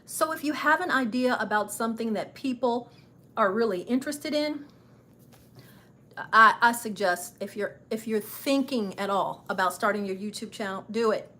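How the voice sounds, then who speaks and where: A woman's voice: on the high side, moderate pace, pushed and bright. A woman hosting her own travel channel livestream, chatting and encouraging viewers in a casual, upbeat way with frequent laughs. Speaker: travel channel host and travel agent.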